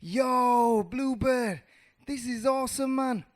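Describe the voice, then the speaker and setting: A man voicing a curious young male mouse in a spoken storybook tale, high and excited. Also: slow pace, breathy edge, exaggerated voice. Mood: amazed. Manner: excited, squeaky.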